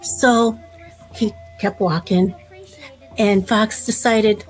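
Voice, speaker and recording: A woman storyteller telling a folk tale to children in a gentle, unhurried way. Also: medium pitch, faint music behind, rough recording.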